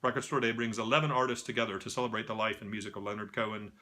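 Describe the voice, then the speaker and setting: A man's voice: on the low side, steady tone, racing, sharp tone. A man from a record store reading out upcoming vinyl releases, breaking off often for dry, self-mocking asides and stumbles over names. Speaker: record store staff presenting new releases. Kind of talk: casual scripted product rundown.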